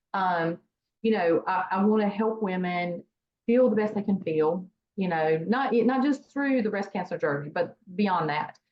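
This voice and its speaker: A woman guest on an interview show, talking casually about her nonprofit, rambling with many fillers and restarts. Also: on the low side. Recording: dull lo-fi sound with faint noise.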